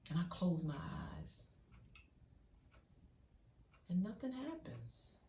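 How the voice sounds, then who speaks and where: A woman performing an intense dramatic monologue, swinging from hushed to loud as she tells it. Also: deep voice, animated, normal speed, pauses often. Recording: roomy, from a distance.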